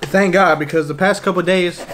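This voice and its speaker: A man's voice: high-pitched, fairly even intonation, moderate pace, a bit bright, a little hiss or hum. A man co-hosting an eating show, chatting casually and teasing as he eats. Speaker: mukbang co-host. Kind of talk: casual chat while eating.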